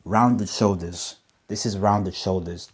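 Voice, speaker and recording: Man, low voice, direct-to-camera coaching, rhetorical questions, slows for emphasis. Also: steady tone, husky. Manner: emphatic, slows down on key phrases; demonstrative, asks rhetorical questions. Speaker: communication coach.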